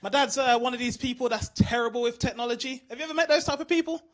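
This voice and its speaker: A man from the UK doing an animated stand-up routine, asking the crowd questions. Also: very high-pitched, quick pace. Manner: animated storytelling, asks the crowd. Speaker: stand-up comedian.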